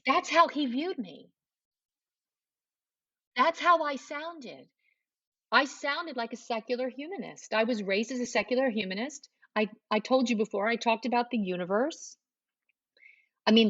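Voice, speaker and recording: A middle-aged guest shares her personal testimony with an interviewer, performing the lines people said to her. Her medium-pitched voice is fairly bright, and the lo-fi recording has no echo.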